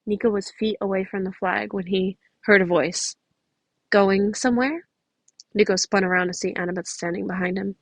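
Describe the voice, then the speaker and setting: A woman's voice: mid-range voice, level tone, a little fast, few pauses, no room sound, rough recording. A woman reading a fan story aloud, often stumbling and restarting phrases, with chatty asides to her listeners. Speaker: podfic reader.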